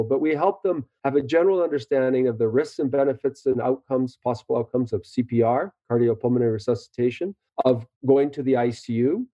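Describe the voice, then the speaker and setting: A doctor explaining patiently and earnestly in an interview, a man in measured conversation. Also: mid-range voice, dark tone, no echo. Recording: dull lo-fi recording.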